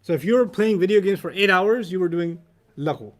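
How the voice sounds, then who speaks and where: A man's voice: high voice, lively intonation, brisk. A man teaching Arabic vocabulary in a casual class, quizzing students and telling humorous stories.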